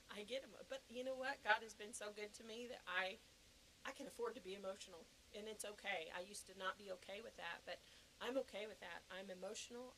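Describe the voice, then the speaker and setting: A woman's voice: mid-range voice, creaky, sharp tone, low-quality recording. A woman in her fifties talks in a loose, rambling interview style. She is openly emotional and breaks into laughter often, drifting between asides as she goes. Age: 50s. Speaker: podcast guest. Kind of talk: casual interview chat.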